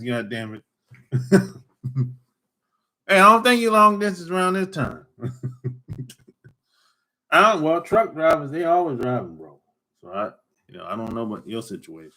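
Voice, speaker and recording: A man's voice: on the high side, pushed and bright. A man hosting a casual livestream, teasing callers in loose slang and laughing often. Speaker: livestream host talking with callers. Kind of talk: casual chat.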